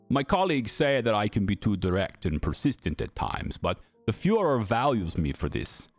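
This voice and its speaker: A man voicing a cold, menacing German official with a put-on German accent, speaking slowly and smugly. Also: fairly low pitch. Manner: slow, drawn-out, smugly threatening.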